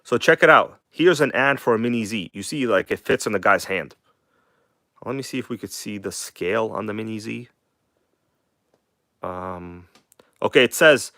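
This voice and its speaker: A man's voice: lowish voice, lively intonation, a bit bright, no echo, clean studio sound. Chatty man hosting a live stream, slight accent. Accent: non-native English accent. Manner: loose and chatty, swears, reads magazine text aloud haltingly. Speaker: host of a live RC car stream. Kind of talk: casual live-stream chat. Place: home workshop in Queens.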